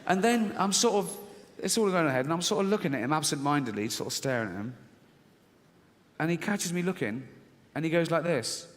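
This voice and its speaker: A man's voice: a little high, a little fast. A middle-aged man performing a stand-up comedy routine, telling a story on stage and acting out both sides of an inner argument. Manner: animated storytelling, swinging between voices of inner argument. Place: large theatre stage. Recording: stage mic in a reverberant hall with faint audience.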